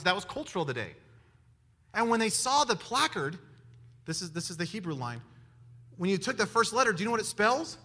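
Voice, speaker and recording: A man preaching a sermon in an animated way, firing rhetorical questions at his listeners. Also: sits high. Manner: animated, asks the audience many rhetorical questions.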